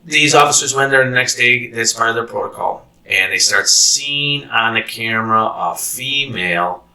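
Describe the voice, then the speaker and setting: Host, man, animated storyteller, sharp bright tone, recorded from a distance. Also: medium pitch, moderate pace. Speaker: host and former corrections officer. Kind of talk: casual storytelling interview.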